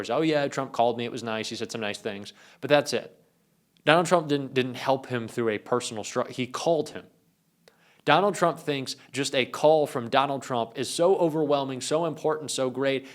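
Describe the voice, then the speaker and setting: A man hosting a political commentary video, talking in an animated, sarcastic and emphatic way. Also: medium pitch.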